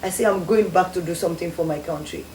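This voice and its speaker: A woman's voice: fairly low pitch, fast, a loud crowd. A young Sierra Leonean woman telling her story as a guest, acting out the voices of people she quotes. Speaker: guest, former beauty queen. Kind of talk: storytelling interview. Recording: echoey studio with faint noise.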